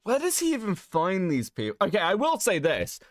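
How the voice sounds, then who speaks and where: A man's voice: sits high, a little fast, dry recording, studio quality. A young man co-hosting a stream, reacting casually with frequent laughs and swearing. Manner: animated, laughs often, swears freely. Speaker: streamer co-host.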